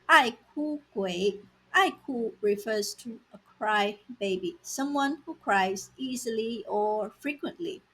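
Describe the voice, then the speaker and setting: Slow, breathy woman teaching vocabulary. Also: fairly high pitch, poor audio. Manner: slow, deliberate, repeating words for learners. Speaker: language teacher. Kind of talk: scripted lesson narration.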